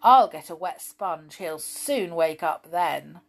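A practical young boy voiced by a woman speaks plainly, in a slow, unhurried way. His lines still move up and down a good deal. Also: fairly low pitch, animated, vocal fry, heavily acted.

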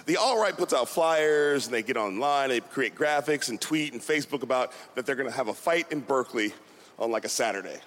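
A man performing a stand-up comedy set, telling animated stories and mocking voices. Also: medium pitch, a little fast. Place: comedy venue with a live audience. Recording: loud crowd and noise.

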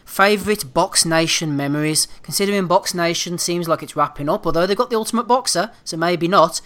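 A man's voice: sits high, brisk, fairly bright tone. Man, podcast host, casual boxing chat, swears freely, easygoing. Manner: swearing, laughing, runs the segments.

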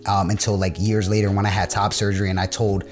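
A man's voice: lowish voice, little pitch movement, fast, faint music behind. A man telling a personal story in casual chat, rambling with lots of filler words and blunt, profane talk.

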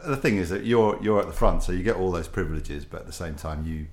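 A man's voice: low voice, fast, a little mellow. An older man, a guest telling wry, self-deprecating stories with rambling asides. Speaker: guest, former football broadcaster. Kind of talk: anecdotal storytelling.

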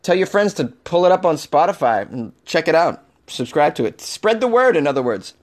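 A man hosting a solo comedy podcast, animated and over-caffeinated, swinging from loud jokes to muttered asides. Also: a little high, normal speed. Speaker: podcast host.

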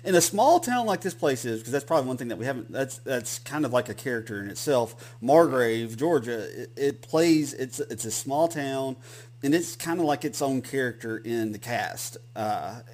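A man's voice: mid-range voice, lively intonation, moderate pace, darkish tone. A man with a Southern accent, co-hosting a podcast in casual, rambling chat with many restarts. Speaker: podcast co-host.

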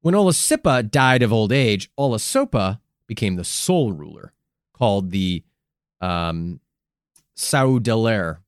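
A man's voice: on the low side, sing-song, a little slow, dry recording, clean studio sound. A man co-hosting a comedic history podcast, narrating in a crude, profane, playful way with silly vocal asides. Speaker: podcast co-host.

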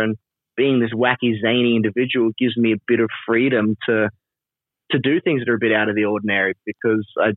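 A chatty man talks in a loose, rambling way, laughing often and leaning on fillers. His voice comes over a thin, tinny phone-like line with no room sound at all. He sits at a middle pitch for a man. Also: dry recording. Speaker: wrestler and trainer, interview guest. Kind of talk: casual interview over a call.

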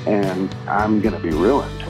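A man casually telling a story, breaking into lively impressions of the people in it. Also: sits low, measured pace, music in the background, poor audio. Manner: animated, acts out the cop's lines.

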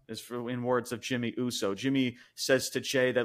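A man co-hosting a podcast, recapping a wrestling show in casual chat, excited and swearing freely with lots of fillers. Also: medium pitch, moderate pace, few pauses. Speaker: podcast co-host reviewing wrestling.

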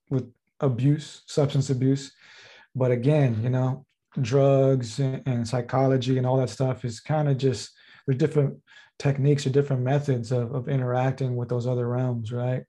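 A man tells a personal story in a loose, rambling way, leaning on fillers as he goes. His voice is gravelly and husky. The tone is dark and mellow. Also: mid-range voice. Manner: rambling, heavy use of fillers like "like" and "uh". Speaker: podcast guest. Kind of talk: casual storytelling.

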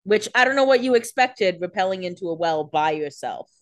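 A woman's voice: medium pitch, animated, a little fast, no echo. A woman co-hosting a podcast, making sarcastic jokes and teasing asides about a TV episode. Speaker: podcast co-host. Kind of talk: casual chat, wisecracks.

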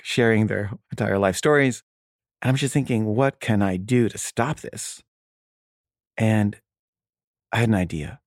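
A man's voice: fairly low pitch, no room sound, studio quality. A man casually telling a personal story, wry and loose, with frequent filler words.

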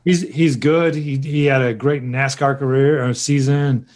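Brief: male co-host, casual, hesitant delivery, mid pitch. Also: fairly even intonation, measured pace, a little mellow. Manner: hesitant, many restarts and fillers. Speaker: podcast co-host. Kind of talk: casual chat.

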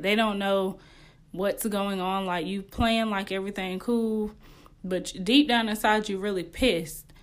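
A young woman hosting a podcast, giving casual relationship advice in a candid, slangy way and laughing often. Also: medium pitch. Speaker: podcast host.

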